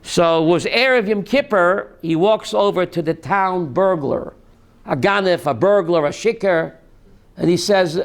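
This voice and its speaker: A man teaching a lively Torah class as a rabbi, asking his listeners questions and mixing in Hebrew terms. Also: high-pitched, unhurried, vocal fry. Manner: animated, asks the audience questions, mixes Hebrew terms.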